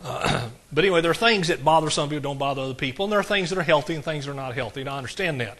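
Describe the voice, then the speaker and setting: Speaking with a drawl, this male pastor gives his sermon in a homespun, conversational manner, tossing brief asides to the congregation along the way. His tone is bright and pitched slightly high.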